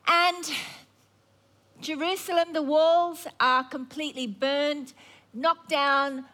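A woman's voice: high-pitched, steady tone, takes it slowly, pushed and bright. A woman preacher telling a Bible story in a sermon, conversational and wry.

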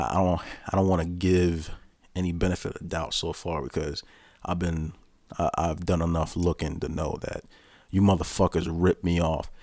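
A man's voice: deep voice, no echo. A man hosting his own podcast, talking bluntly and profanely in a casual ranting style. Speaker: podcast host. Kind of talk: casual solo podcast rant.

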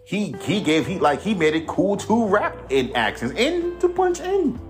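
A man's voice: high voice, very animated, unhurried, faint music behind. A man hosting his own podcast, a rapper ranting in a laid-back, rambling, profane way. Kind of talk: casual monologue.

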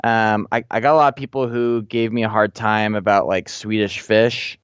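A man's voice: lowish voice, fairly even intonation, moderate pace, smooth, dry recording, lo-fi sound. A man in his thirties, a podcast co-host, chatting casually and telling rambling parenting stories with many restarts. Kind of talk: casual chat.

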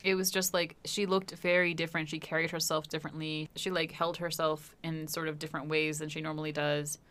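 A woman's voice: deep voice, flat delivery, brisk, fairly bright tone. Dry-humored young woman co-hosting a podcast. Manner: dry, matter-of-fact, reads out review scores. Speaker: podcast co-host. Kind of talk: casual film-review chat.

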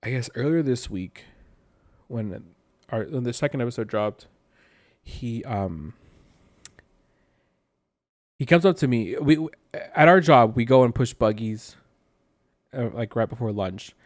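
Animated young man telling a story. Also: mid-range voice, a little slow, long pauses, dry recording, clean studio sound. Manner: animated, rambling with many fillers. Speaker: podcast co-host. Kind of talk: casual chat, storytelling.

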